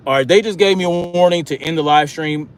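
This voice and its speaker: A man's voice: a little high, a little fast, clear, resonant tone. A man hosting a livestream, telling a story in a casual, profane, rambling way with many restarts. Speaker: livestream host.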